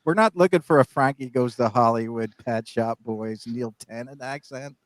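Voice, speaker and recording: A man's voice: mid-range voice, moderate pace, dry recording. A man co-hosting a podcast in casual banter, rambling and jokey, often restarting his sentences. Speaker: podcast co-host.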